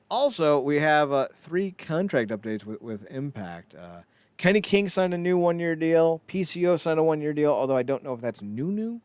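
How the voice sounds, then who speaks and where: A man's voice: on the high side, dry recording. A man co-hosting a casual wrestling news podcast, rambling and swearing, with self-mocking asides. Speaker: podcast co-host.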